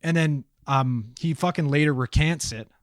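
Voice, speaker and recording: A man's voice: a little high, moderate pace, dry recording, clean studio sound. A man co-hosting a casual podcast chat, talking bluntly and swearing freely. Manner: blunt and heavily profane. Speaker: podcast co-host.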